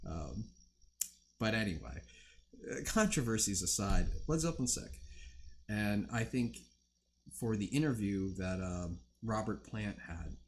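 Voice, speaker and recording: A man's voice: fairly low pitch, lively intonation, unhurried, pauses often, a little hiss or hum. A young man hosting a livestream, chatting casually with viewers in a rambling, profane way full of fillers. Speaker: livestream host. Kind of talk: casual chat with stream viewers.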